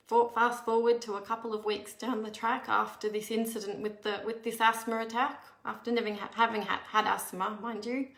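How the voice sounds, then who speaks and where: A woman's voice: on the high side, vocal fry, fairly bright tone. A woman, earnestly telling a personal story in a candid, conversational way, with frequent restarts. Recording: echoey room.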